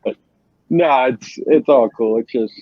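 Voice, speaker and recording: A man's voice: medium pitch, measured pace, no room sound, muffled recording. A man chatting casually with an easygoing, laughing manner. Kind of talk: casual chat.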